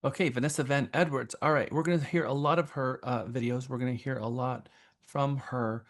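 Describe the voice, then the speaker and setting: A man's voice: mid-range voice, steady tone, a little fast. A man sales trainer leading a class, talking conversationally and asking the group questions. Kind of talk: classroom instruction.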